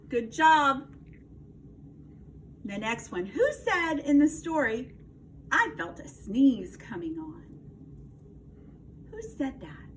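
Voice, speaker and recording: First grade teacher, woman, slow and encouraging, slightly high voice, faint room noise behind. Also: bright, forceful tone. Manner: slow, encouraging, quizzing children. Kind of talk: read-aloud lesson for young children. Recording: distant mic, faint background noise.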